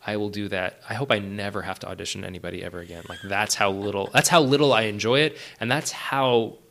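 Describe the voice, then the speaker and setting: A middle-aged man with a fairly low, bright, forward voice talks casually as an interview guest. He tells stories in an animated way, often restarting sentences and filling gaps with "um" and "right?". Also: fast, gravelly. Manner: animated storyteller with many fillers and restarts. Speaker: writer and director, podcast guest.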